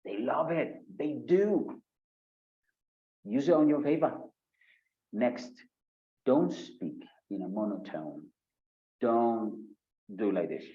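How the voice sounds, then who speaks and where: A man from Colombia with a Paisa accent, giving a live online IELTS speaking lesson and acting out sample answers in an animated way. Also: slow, long pauses, dull audio. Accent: Colombian Spanish, Paisa. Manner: animated, acts out sample answers with shifting pitch. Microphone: video call.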